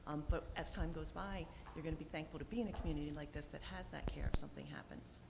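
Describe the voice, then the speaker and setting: Woman sales trainee, quick talker, lowish voice, echoey hall. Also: fairly even intonation, vocal fry, background noise. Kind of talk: sales role-play.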